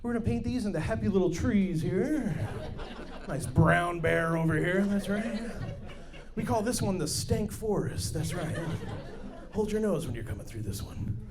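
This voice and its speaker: A comedian doing an impression of a gentle, soothing male TV painter. He speaks in a slow, hushed, reassuring way on a comedy club stage. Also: sits high, animated, a crowd in the background.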